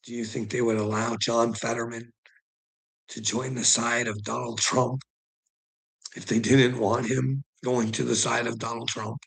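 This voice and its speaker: A man's voice: mid-range voice, level tone, unhurried, gravelly, fairly bright tone, slightly rough, rough recording. A Canadian man ranting casually to his viewers, rambling and profane, with frequent chuckles. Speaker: vlogger.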